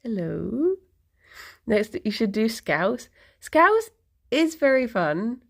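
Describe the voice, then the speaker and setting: A woman's voice: fairly high pitch, lively intonation, unhurried. Giggly, chatty young English woman. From England, near London. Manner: chatty and giggly, drifting off mid-thought. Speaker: streamer. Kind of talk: casual chat with viewers.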